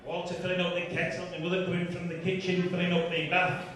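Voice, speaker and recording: A man's voice: high voice, little pitch movement, fast, fairly bright tone, slight background noise. A man in his fifties performing a stand-up comedy routine, chatty and teasing the crowd with tag questions. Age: 50s. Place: large comedy venue, live audience. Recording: echoey venue from far off with crowd. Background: audience laughter.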